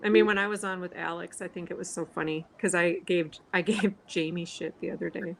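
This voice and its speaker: A woman from Minnesota with a Minnesotan accent, chatting casually on a livestream, snarky and quick to laugh. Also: lowish voice, fairly even intonation, vocal fry, slight background noise, poor audio. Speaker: livestream co-host. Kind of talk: casual chat.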